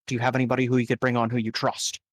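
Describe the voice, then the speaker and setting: A man voicing a calm gang boss who lays out a job in a measured, deliberate way during a tabletop game. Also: medium pitch, dry recording, voice pushed down, close to an everyday voice. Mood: businesslike. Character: calm gang boss briefing a hired gun.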